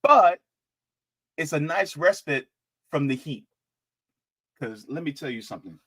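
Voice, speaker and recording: A man hosting a live-stream politics show, chatting casually, animated and jokey as he reads out the chat. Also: fairly high pitch, measured pace.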